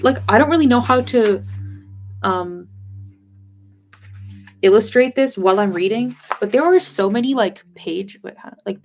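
A woman talks through a book on a casual livestream, rambling and chatty. Her pitch sits in a middling range, and she peppers her talk with filler words and offhand swearing. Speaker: host of a book discussion channel.

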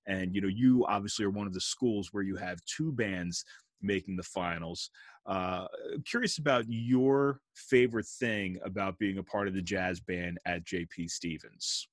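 A man's voice: sits low, moderate pace, dry recording. Laid-back man hosting a video call. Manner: relaxed, friendly, jazz slang. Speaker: host, band director. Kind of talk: casual interview.

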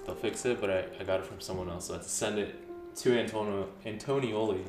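Low-voiced young man in an echoey room. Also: steady tone, quick pace, distant mic. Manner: laid-back, rambling, many fillers. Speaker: guest showing his closet. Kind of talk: casual chat. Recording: echoey room, background music.

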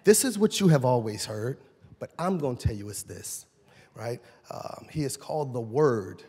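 A man pastor preaching a sermon, swinging between loud shouted lines and low quiet asides. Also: lively intonation, normal speed, slightly rough. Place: church sanctuary. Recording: long reverb in a large church hall.

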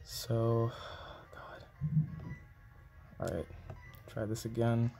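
A man giving live gameplay commentary, excitable and quick to groan and exclaim. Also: medium pitch, gravelly, soft background music. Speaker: game video creator.

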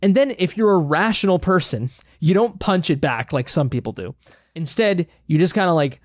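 A young man hosting a casual film analysis vlog, talking in an animated, rambling way and swearing casually. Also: on the high side, a little fast, no echo, clean studio sound. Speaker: film reaction host.

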